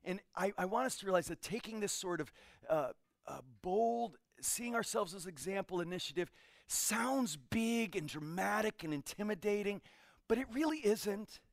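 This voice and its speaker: A man's voice: sits high, normal speed, no room sound, studio quality. A man preaching and teaching a group, asking questions and telling stories from his own life. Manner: animated, asks the audience questions, tells stories. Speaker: pastor. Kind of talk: interactive sermon teaching.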